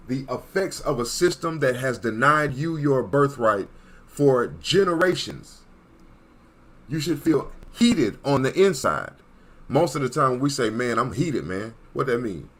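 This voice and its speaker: A man giving an emphatic, preachy monologue as an online commentator, repeating points and checking in with his listeners. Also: mid-range voice. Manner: emphatic, repetitive, checks in with "Okay?".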